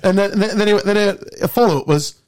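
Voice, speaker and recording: A man with a fairly high voice, chatting casually as a podcast host. He swears freely and tells his stories with a lot of energy. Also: fast talker. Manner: swearing, animated storytelling. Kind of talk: casual chat.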